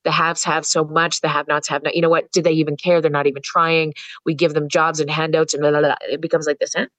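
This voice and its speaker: A woman's voice: low-pitched, little pitch movement, fast, a bit bright, dry recording, rough recording. A woman psychologist telling candid, earthy stories as a podcast guest, swearing freely. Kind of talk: storytelling in a podcast interview.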